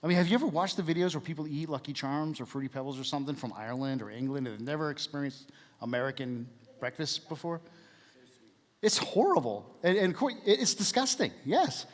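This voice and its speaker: A man's voice: on the high side, animated, fairly quick, long reverb tail. A man giving a casual, jokey church talk, asking the room questions as he goes.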